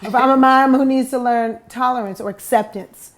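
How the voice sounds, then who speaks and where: An American woman guest on a talk show, playful and quick to joke and laugh as she talks. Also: a little high, fairly even intonation. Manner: playful, joking, laughs often. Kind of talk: conversational interview.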